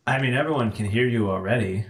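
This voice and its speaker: A man's voice: medium pitch, fast, natural voice. A man playing a laid-back guy at a spa who invites two strangers into the sauna, talking in an unbothered, easygoing way. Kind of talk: improv comedy role-play.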